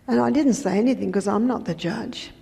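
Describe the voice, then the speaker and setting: A woman health educator giving a lecture, telling patient stories in a conversational way with soft asides. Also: medium pitch, brisk, creaky. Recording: reverberant lecture hall.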